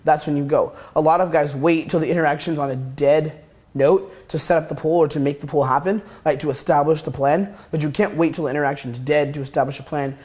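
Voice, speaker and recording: A young man delivers a coaching lecture at a rapid clip. He is brash and casually profane, pressing his points in quick bursts, and his voice sits a little higher than most men's. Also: fairly even intonation, a little mellow. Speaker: dating coach. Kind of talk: instructional course lecture.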